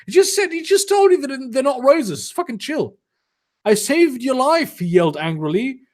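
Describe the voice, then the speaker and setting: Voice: sits high, lively intonation, a little fast, darkish tone. A comedic reader doing a dramatic reading with sarcastic, exasperated commentary, swearing often.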